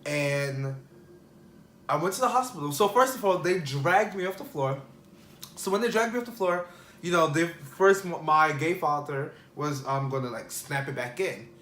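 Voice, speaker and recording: A man's voice: a little high, expressive, normal speed, a bit bright, a little hiss or hum. A man vlogger telling a personal story in a casual, rambling way full of fillers. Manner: rambling, filler-heavy, restarts. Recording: echoey room.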